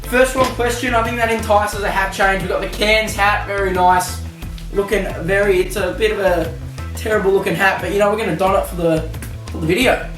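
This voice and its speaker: A man's voice: high-pitched, steady tone, brisk, echoey room, recorded from a distance, over music. A young Australian man with an Australian accent, chatting casually and poking fun at himself while doing a quiz. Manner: chatty, self-mocking, slangy. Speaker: vlogger.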